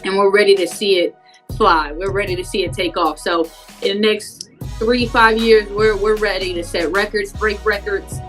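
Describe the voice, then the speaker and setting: A woman's voice: medium pitch, steady tone, normal speed, fairly bright tone, soft background music. A woman basketball coach, a guest on a podcast, talking in an upbeat, casual way. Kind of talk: casual interview.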